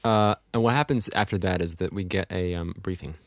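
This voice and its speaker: Wry, low-voiced male podcast co-host. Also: fairly quick, no room sound, studio quality. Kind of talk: casual chat.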